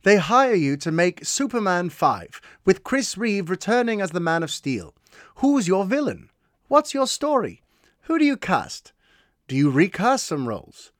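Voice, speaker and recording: A man's voice: sits high, big pitch swings, a little slow, no echo, clean studio sound. A man reading out a friend's question while imitating that male friend's accent, in an exaggerated put-on voice. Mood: playful.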